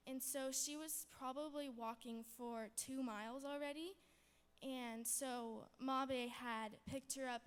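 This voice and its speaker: A woman's voice: fairly high pitch, clear, resonant tone. Bubbly young woman in an echoing chapel. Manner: bubbly, rambling, many fillers. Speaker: student giving testimony. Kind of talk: chapel testimony. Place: chapel hall. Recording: long hall reverb.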